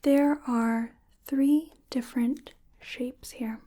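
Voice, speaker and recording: A woman slips into a whispered role-play as a gentle clinician, her voice airy and breathy. She speaks slowly and patiently, guiding each step with care. Her tone stays mellow and a touch high. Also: fairly even intonation. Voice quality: soft whispering. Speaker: ASMR artist playing a clinician giving cognitive tests.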